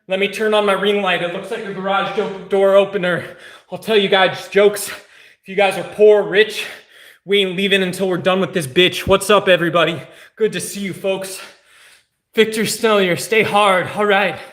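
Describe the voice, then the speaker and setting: A high-voiced man runs a live workout stream, joking and swearing between sets. He slows down to give soothing cues on grip and balance. The sound bounces around an echoey room. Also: steady tone, a bit bright. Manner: hyped, joking, profane coaching chatter. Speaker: fitness streamer. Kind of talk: casual live workout chat.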